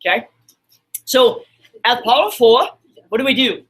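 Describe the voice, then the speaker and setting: A man's voice: very high voice, animated, moderate pace, bright, forceful tone, breathy edge. A man teaching a math class in a classroom, upbeat and encouraging as he quizzes his students. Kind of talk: classroom lesson streamed online.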